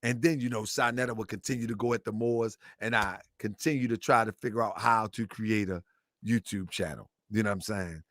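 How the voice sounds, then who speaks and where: A middle-aged man hosts a show with a lowish voice, speaking a little fast in a clean, echo-free studio recording. His casual commentary is animated and rambling, circling back and repeating itself, broken by bursts of laughter.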